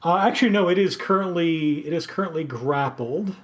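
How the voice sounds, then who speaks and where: A game master running a tabletop game, calm and halting, with many pauses and fillers. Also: medium pitch.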